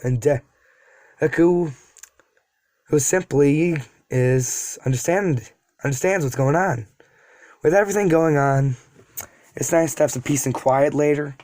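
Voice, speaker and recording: A man's voice: medium pitch, darkish tone, no room sound. Guy rambling through a fan story for his channel, medium voice, dry close sound, jokes about himself. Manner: rambling, self-deprecating asides. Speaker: YouTube storyteller. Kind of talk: casual storytelling.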